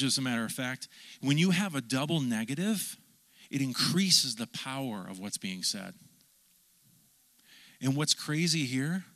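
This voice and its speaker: A man, a pastor, preaching a lively sermon and calling on the congregation to answer back. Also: medium pitch. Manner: animated, calls for audience response.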